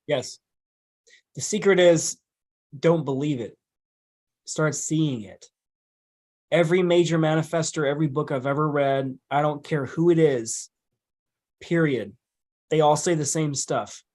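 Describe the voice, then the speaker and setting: Guy on a podcast, kinda high voice, blunt and emphatic, swears a lot. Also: measured pace, long pauses, darkish tone. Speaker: podcast guest, hypnotist. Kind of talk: casual conversation.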